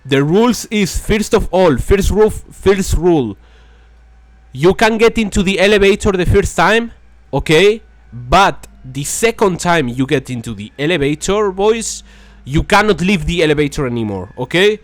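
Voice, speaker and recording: A man's voice: high-pitched, lively intonation, moderate pace, dry recording. Rambling young gamer man, dry close mic. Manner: rambling, repeats "boys" and "that's crazy", frustrated asides. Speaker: gaming video host. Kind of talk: casual gameplay commentary.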